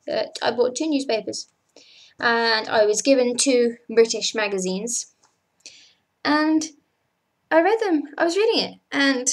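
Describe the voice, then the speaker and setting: A young woman who works as cabin crew, ranting in a vlog, exasperated and swearing, checking in with the viewer again and again. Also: on the high side. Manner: exasperated, swearing, keeps asking "okay?".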